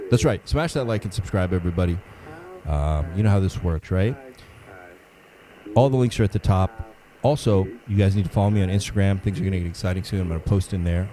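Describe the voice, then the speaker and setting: Casting: low-voiced male livestream host, laid-back, slightly sniffly with a cold, crowd noise behind. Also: low-quality recording. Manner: greets chat viewers by name, laid-back. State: a little under the weather, sniffling. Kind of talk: casual livestream chat.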